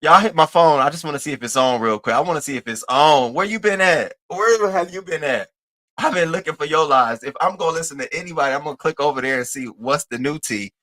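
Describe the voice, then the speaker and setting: A man hosting his live stream show, chatting loosely and profanely and giving playful, singsong shout-outs to viewers. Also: a little high, quick pace. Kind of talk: casual live-stream chat greeting viewers.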